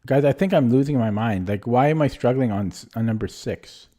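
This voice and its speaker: A man's voice: medium pitch, a little fast, mellow. A young man streaming himself playing chess, rambling and self-deprecating as he thinks aloud in casual commentary.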